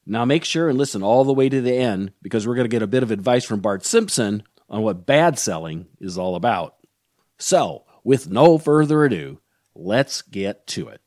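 A man hosting a sales podcast interview, energetic and enthusiastic. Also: mid-range voice, moderate pace, dry recording. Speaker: podcast host.

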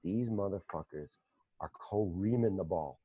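A man's voice: sits low, measured pace, dark tone, slightly rough, no room sound, highs cut off. A man hosting a podcast, rambling through profane stories in casual chat on a close mic. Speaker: podcast host.

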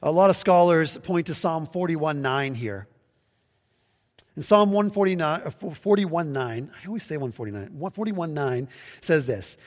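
A man's voice: a little high, lively intonation, normal speed. Man preaching in an echoing hall. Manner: conversational, with restarts and acted-out quotes. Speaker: pastor. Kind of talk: sermon. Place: church sanctuary, livestreamed.

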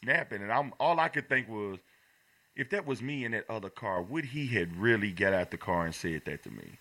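Bright, lively-voiced man telling stories. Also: fairly low pitch, a little fast. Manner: animated storyteller, laughs often, acts out quotes. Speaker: podcast co-host. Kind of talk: casual chat.

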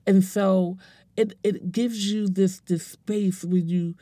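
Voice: mid-range voice, fairly even intonation, dark tone. A speaker in their forties gives a heartfelt personal testimony, emotional and earnest, often stumbling and repeating words. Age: 40s. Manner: earnest, halting, repeats words while searching for them. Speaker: speaker sharing a personal story.

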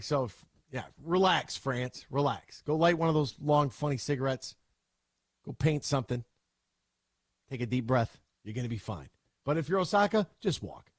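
A male sports talk host with a lively, up-and-down delivery and a faintly husky edge. He riffs and jokes in an opinionated, rapid-fire way, recorded close and dry. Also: on the high side, dry recording.

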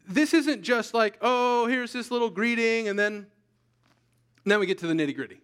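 Emphatic preacher man with lively pitch. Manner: emphatic, repeats key lines slowly for weight. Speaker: pastor. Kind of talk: sermon. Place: church sanctuary.

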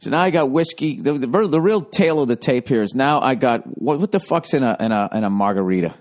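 A man hosting a podcast alone, telling a long story in a rambling, swearing way and now and then jumping up into high, mocking impressions of other people. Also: animated, fast, darkish tone. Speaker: podcast host. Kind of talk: casual storytelling monologue.

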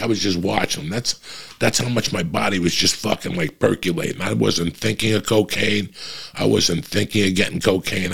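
A man's voice: deep voice, gravelly, a bit bright, breathy edge. A male comedian from New Jersey telling a long, profane anecdote in casual chat, rambling with many restarts.

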